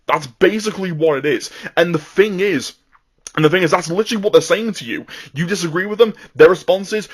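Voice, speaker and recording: A man's voice: fairly high pitch, normal speed, slightly rough. A man ranting angrily, swearing a lot and tripping over repeated words. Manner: heated, profane, stumbling repetitions. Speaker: vtuber ranting on politics. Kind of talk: angry political rant.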